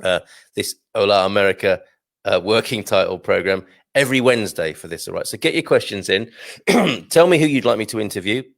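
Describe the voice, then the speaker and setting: This British livestream host talks a little fast and animatedly, his low-leaning voice carrying vocal fry. He chats and rambles over viewer comments, often chuckling self-deprecatingly, in a dry, clean small-studio recording.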